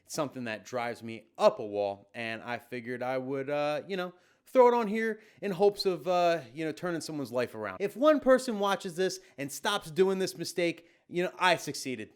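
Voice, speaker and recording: A male DJ talks straight to camera in a casual tutorial. He is blunt, emphatic and slangy, and his slightly high voice swings with lively, animated inflection. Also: moderate pace, clean tone.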